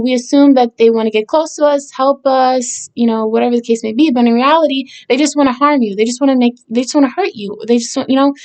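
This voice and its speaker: Rambling woman songwriter, fairly high voice. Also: a little mellow. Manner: rambling, many fillers and restarts, chuckles often. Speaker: songwriter discussing her song. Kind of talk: casual explanatory talk.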